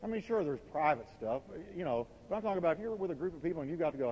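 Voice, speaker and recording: A man preaching a sermon from the pulpit, emphatic, swinging between loud and quiet lines. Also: fairly high pitch, expressive, rapid-fire, few pauses, slight background noise. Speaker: pastor. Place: warm church sanctuary. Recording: dull, reverberant church recording.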